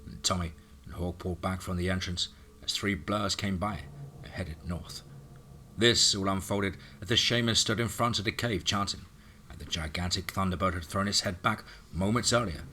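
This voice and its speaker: Deep guy reading a horror action story, punchy and forceful, faint hiss behind. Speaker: story narrator. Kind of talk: scripted horror story narration.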